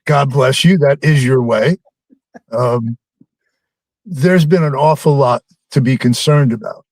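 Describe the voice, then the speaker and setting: A man's voice: mid-range voice, unhurried, a little mellow, no echo. Rambling, teasing male caller. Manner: rambling, teasing, many ums. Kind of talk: phone-in chat with a host.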